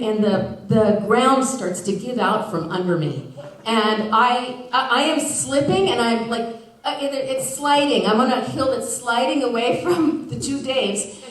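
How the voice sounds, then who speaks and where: A fairly high-voiced woman tells a personal story on stage, chatty and loose, stacking "like" and restarting her sentences. She keeps laughing through her lines. The sound comes from a distance in a very echoey theater. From Washington State, US.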